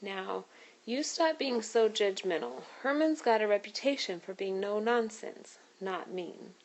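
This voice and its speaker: A woman's voice: medium pitch, animated, a little slow, low-quality recording. A woman voicing a joking, teasing older man in a read-aloud storybook. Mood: reasoning. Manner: playful, teasing.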